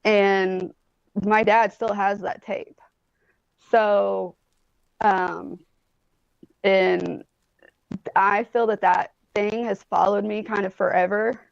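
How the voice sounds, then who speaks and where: She's a woman in her forties from Indianapolis, guesting on a casual chat and telling rambling stories peppered with curse words, "likes," and "ums." Her medium-pitched voice is gravelly, fairly even in intonation, and slow, with long pauses. The dull audio has no room sound and was captured on a phone or tablet during a video call.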